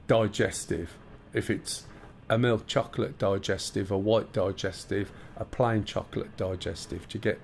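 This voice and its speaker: A man's voice: on the low side, vocal fry, a little hiss or hum. A man with a Black Country accent, a streamer chatting casually with viewers and walking through cockpit start-up steps. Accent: Black Country English. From English Midlands. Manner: chatty, bantering with chat while explaining cockpit steps. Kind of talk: casual live-stream chat.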